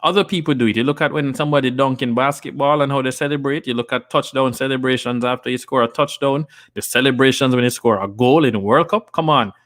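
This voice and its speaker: A man's voice: mid-range voice, quick pace, few pauses, a bit bright. Male host, live stream chat, earnest and persuasive, repeats himself as he builds a point. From Jamaica. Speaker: host and investor. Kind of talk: live stream talk reading viewer comments.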